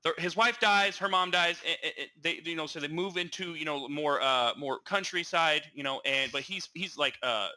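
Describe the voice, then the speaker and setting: A young man with a very bright, forward voice and a slightly higher pitch, chatting casually on a podcast. He rambles and restarts his sentences often, and his voice grows animated as he retells scenes. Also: normal speed, hardly any pauses, poor audio. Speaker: podcast co-host. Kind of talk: casual chat.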